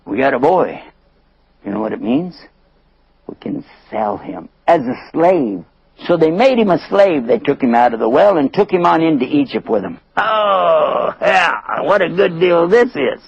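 A man telling a story to an audience in a lively way, acting out the voices and chuckling often. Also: a little high, moderate pace, creaky, breathy edge, dull audio.

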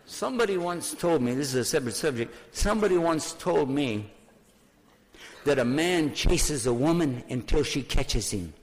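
Animated man telling his conversion story. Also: on the high side, normal speed, a little hiss or hum. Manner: animated storyteller, drops to a hushed voice for prayer. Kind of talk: storytelling sermon.

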